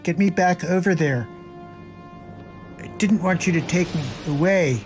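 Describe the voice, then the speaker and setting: A grandiose, scheming villain boss, put on by a man, drawls his orders slowly to an underling. The voice sits a little higher than plain talk. Faint music plays behind him. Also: a little mellow. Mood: commanding.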